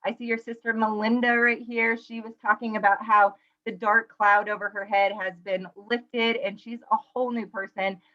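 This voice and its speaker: A woman's voice: a little high, level tone, moderate pace, hardly any pauses, pushed and bright, highs cut off. A woman hosting a group video call, effusive and encouraging as she introduces guests.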